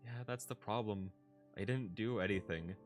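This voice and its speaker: A man's voice: fairly low pitch, normal speed, soft background music, natural voice. A man reading a story aloud, voicing a young adult sister who speaks hesitantly and emotionally. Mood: remorseful. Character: young adult woman, anxious, tearful sister.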